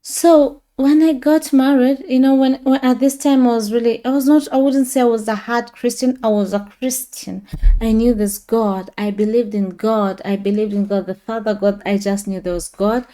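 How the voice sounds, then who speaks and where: Mellow-voiced woman telling her story. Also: fairly high pitch, fairly even intonation, normal speed. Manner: rambling, many fillers and self-corrections. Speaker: testimony speaker. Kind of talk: personal testimony, casual storytelling.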